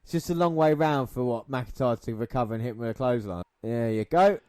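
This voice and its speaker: A man's voice: medium pitch, fast, a little mellow, clean tone, no room sound, clean studio sound. A man co-hosting a podcast, giving casual wrestling commentary in a sarcastic, swearing manner. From half Scottish. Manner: sarcastic, swearing, laughs often. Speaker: podcast co-host.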